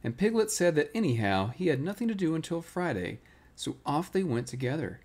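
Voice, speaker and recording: A man reading a bedtime storybook aloud in a gentle, relaxing way. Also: fairly high pitch, very animated, a little fast, slightly rough. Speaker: storybook reader.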